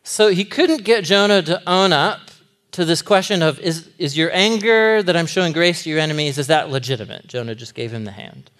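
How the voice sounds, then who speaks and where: A man in his thirties, a Bible teacher giving a lively, comic sermon-style lesson to a group, often laughing as he retells the story. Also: on the high side, a little fast.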